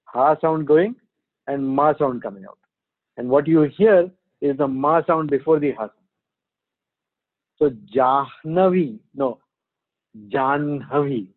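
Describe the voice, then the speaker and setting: A man teaching a Sanskrit class on a video call, patiently sounding out letters and quizzing his students. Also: fairly high pitch. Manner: patient, repeats sounds slowly, asks students questions. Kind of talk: online class, explaining pronunciation. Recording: phone-like narrow band.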